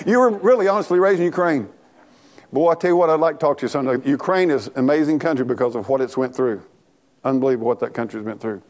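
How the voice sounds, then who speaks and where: Speaking at a slightly quick clip with frequent pauses, this male pastor has a medium-pitched voice. He gives an energetic, homespun sermon, bantering with the churchgoers and sharing their laughter.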